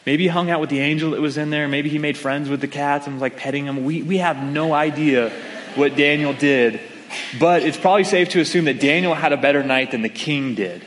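A man's voice: a little high, a little fast, a bit bright, slight background noise. A male pastor preaching a sermon in a conversational, storytelling way, acting out the quotes of the people in his stories. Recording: long hall reverb.

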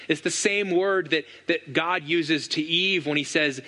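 A man's voice: fairly high pitch, measured pace, few pauses, pushed and bright. A man in his thirties, a pastor preaching an earnest, reflective sermon full of rhetorical questions.

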